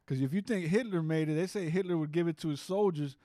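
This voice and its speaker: A man's voice: fairly high pitch, fast, warm tone, no echo, clean studio sound. A man guesting on a podcast, telling rambling, profane stories in casual chat and often repeating himself.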